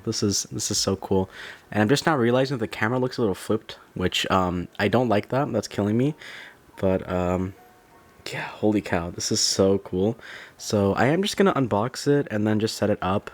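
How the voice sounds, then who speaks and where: A young man casually narrating a phone unboxing at home, excitable and rambling with many fillers and restarts. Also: on the low side, normal speed. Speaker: tech vlogger. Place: dim room at home.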